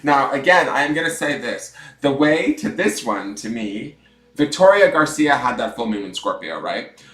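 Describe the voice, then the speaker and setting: A man hosting a casual tarot livestream from home, chatty and self-mocking, swinging between loud greetings and mumbled asides. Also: mid-range voice, sing-song, moderate pace, roomy sound. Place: room at home with dogs snoring nearby.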